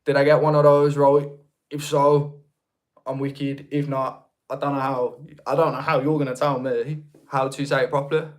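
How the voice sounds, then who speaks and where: Flat in delivery and mid-range in pitch, this young Birmingham livestream host speaks at a moderate pace with a Brummie accent. He rambles through casual live chat, restarting often as he reads out comments from viewers.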